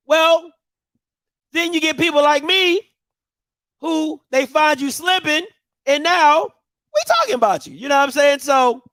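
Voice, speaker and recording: A man hosting a show in casual commentary, animated and full of repeated catchphrases. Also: very high voice, unhurried, pauses often, no room sound. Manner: animated, repeats catchphrases, bursts into loud laughter. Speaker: show host.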